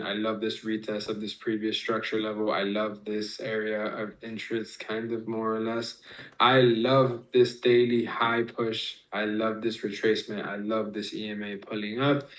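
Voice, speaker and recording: This trading streamer, speaking at a normal speed in a level, lowish voice, explains chart setups step by step as he goes over trade entries with his chat. He swears freely and calls out viewers, and the audio quality is poor.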